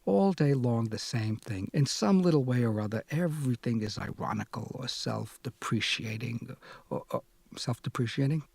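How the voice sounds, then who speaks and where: A man's voice: medium pitch, lively intonation, normal speed, creaky, darkish tone, breathy edge, no room sound. A man voicing a stern young woman who lectures bluntly in an audiobook reading. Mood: scolding. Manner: scolding, blunt and moralizing.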